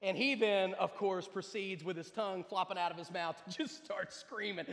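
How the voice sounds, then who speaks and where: High-voiced man preaching in echoing hall. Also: brisk, hardly any pauses. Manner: conversational storytelling that builds to loud emphatic preaching. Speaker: pastor. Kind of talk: sermon with personal story.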